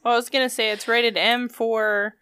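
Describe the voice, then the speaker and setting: Deadpan woman podcast co-host. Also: on the high side, moderate pace, clear, resonant tone, no echo, studio quality. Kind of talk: casual chat.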